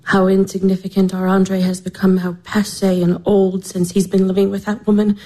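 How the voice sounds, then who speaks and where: A woman's voice: mid-range voice, completely flat delivery, moderate pace, mellow, natural voice, poor audio. A woman in her twenties playing a worn-out young clerk in a radio play, talking in an anguished voice that breaks into sobs and whispers. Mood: despairing. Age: 20s. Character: young woman clerk, weary, despairing, tearful. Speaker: stage actress in a radio drama.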